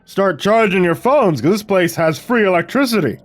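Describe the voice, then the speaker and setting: A man's voice: high voice, moderate pace, pitched above the performer's own voice. A man doing a hammy young show-off. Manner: loud, hammy and excited. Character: showy young man filming his own video.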